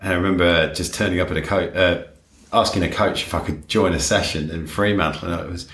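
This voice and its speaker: A man hosting a casual interview chat, relaxed and quick with short agreeing remarks. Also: low voice, echoey room.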